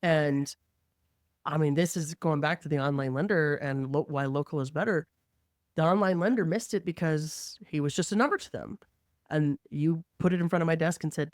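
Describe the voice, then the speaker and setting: A woman who works as a mortgage lender, telling a work story in an animated, conversational way and acting out the quotes. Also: low voice, moderate pace, no room sound, clean studio sound.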